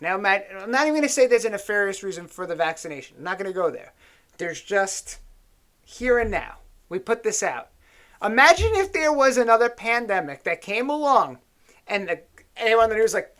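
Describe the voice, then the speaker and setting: A man hosting a casual political chat, tipsy on whiskey, rambling and swearing as he tells animated stories. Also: high voice, a little fast. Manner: rambling, profane, animated storytelling. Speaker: show host.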